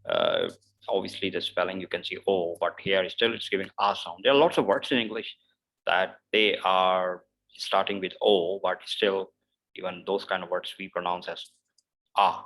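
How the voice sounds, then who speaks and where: Man, pronunciation teacher, low gravelly voice, repeats each word several times, loose and chatty. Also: animated, moderate pace, fairly bright tone, rough recording. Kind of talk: online pronunciation lesson.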